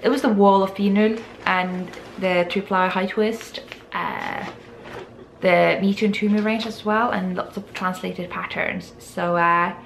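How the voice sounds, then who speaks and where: Lady guest on a podcast, bit of vocal fry, laughs at herself, trips on english words. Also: mid-range voice, steady tone, unhurried, a little hiss or hum. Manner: giggly, self-deprecating, stumbles over English words. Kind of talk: casual chat, showing a yarn haul.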